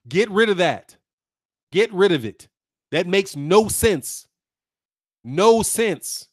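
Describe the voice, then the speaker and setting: Chatty high-voiced man on a boxing stream. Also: drawn-out words, pauses often. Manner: animated, chatty, laughs often, talks straight to viewers. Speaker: boxing channel host. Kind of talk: live-stream boxing commentary.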